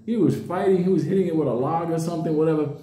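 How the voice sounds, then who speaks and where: A man's voice: a little high, racing, dark tone. A man telling a comedic story with lots of profanity, acting out the other people in it with big jumps in his voice. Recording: roomy echo.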